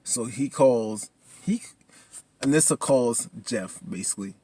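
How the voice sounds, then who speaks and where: A man casually recapping a TV episode in an excitable, colloquial way. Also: medium pitch, measured pace, breathy edge. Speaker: TV episode reviewer.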